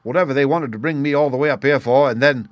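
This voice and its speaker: A man reading the part of an excitable young male clerk who speaks in an eager, exclamatory way. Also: medium pitch, fast talker, no room sound, lo-fi sound, pitched above the performer's own voice, natural voice.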